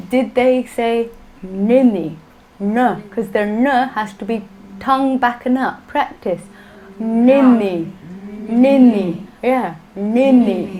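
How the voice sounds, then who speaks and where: A woman's voice: a little high, darkish tone, slight background noise, poor audio. A woman teaching a class, patient and playful, often laughing. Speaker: Sanskrit teacher. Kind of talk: classroom lesson.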